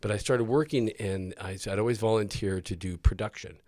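A man's voice: fairly low pitch, a little fast, darkish tone, dry recording. A middle-aged man telling long rambling stories in casual chat, laughing often. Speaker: guest artist.

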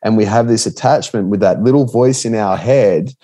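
A man's voice: on the low side, normal speed, dark tone. A man hosting a casual podcast chat, asking curious follow-up questions and sharing his own reading and experiences.

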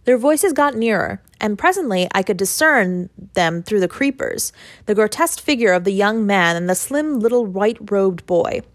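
Woman, audiobook narrator, measured, middle pitch, dry close recording. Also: animated, no echo. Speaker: audiobook reader. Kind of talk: audiobook narration of a classic story.

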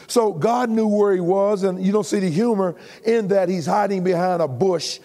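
An older man preaching a sermon, animated and humorous, sometimes shouting. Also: sits high, moderate pace, few pauses. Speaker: pastor. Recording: reverberant hall recording.

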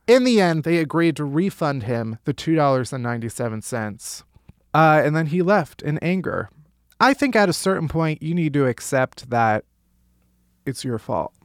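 A man's voice: on the high side, sing-song, moderate pace, no echo, clean studio sound. A man hosting a casual comedy news roundup, sarcastic and profane, laughing often. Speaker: comedy podcast host.

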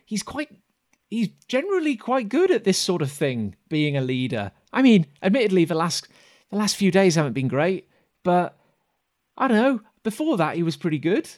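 A man voicing an earnest young boy who pleads in quick, breathless bursts. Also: sits high, sing-song, voice pushed up. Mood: hopeful.

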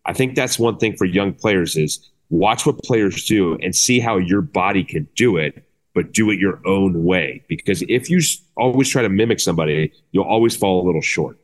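Man, middle-aged, interview guest, fairly low voice, excitable, rambling, self-deprecating. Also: normal speed. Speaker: guest, former player. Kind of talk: casual interview talk.

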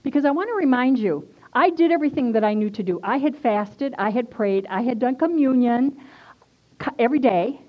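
A woman's voice: fairly high pitch, animated, brisk. Earnest woman minister giving testimony. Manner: earnest and conversational, emphatic repetition. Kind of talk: personal testimony sermon. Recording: dull lo-fi recording.

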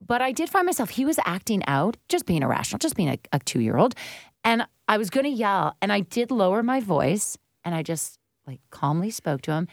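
Woman, co-host, curious, animated intonation, dry. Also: medium pitch, brisk, gravelly, dry recording. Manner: lively, curious questioning. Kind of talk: casual chat.

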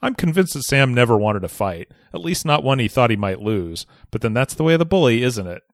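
Podcast host, male, reads a listener letter with lively swooping delivery, dry close sound. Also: medium pitch, a little fast, no echo. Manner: animated, expressive storytelling. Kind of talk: reading a listener letter aloud.

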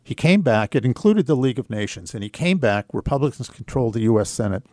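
A man speaking as a guest on a radio show, telling a personal story in an earnest, reflective way, unhurried and with fillers. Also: mid-range voice, lively intonation, darkish tone, no echo, clean studio sound.

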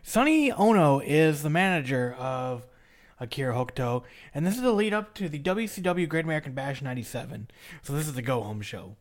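A man's voice: fairly high pitch, lively intonation, brisk. A man hosting a casual podcast chat, rambling through a recap with laughs and restarts. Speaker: podcast host recapping wrestling.

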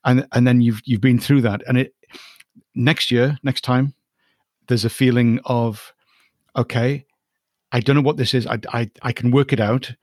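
A man hosting a casual interview, calm and reassuring, repeating words as he gathers his thoughts. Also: mid-range voice, moderate pace, pauses often, dry recording, studio quality. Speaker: host.

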